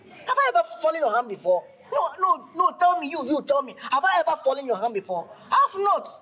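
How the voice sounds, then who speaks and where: A man playing a high, stammering broke man pleading on the phone. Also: huge pitch swings, fast talker, sharp tone, full character voice. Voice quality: stammering, repeats words. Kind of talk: comedy skit acting.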